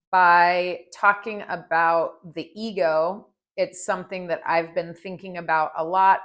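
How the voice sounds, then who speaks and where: Slow, earnest woman podcaster. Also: lowish voice. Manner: heartfelt and earnest, speaks slowly. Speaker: podcast host. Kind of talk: personal reflective podcast talk.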